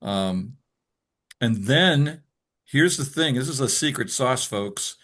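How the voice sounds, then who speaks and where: A man's voice: medium pitch, expressive, slow pace, fairly bright tone. A man cohosting a podcast, explaining things thoughtfully for newcomers as he shares his own experience. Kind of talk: reflective podcast talk.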